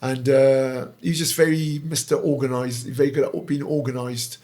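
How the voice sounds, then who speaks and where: A middle-aged man with a Gloucester accent, a former fighter talking casually as an interview guest, halting with frequent pauses and short agreeing replies. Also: medium pitch, little pitch movement, dark tone. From England. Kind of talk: casual conversation.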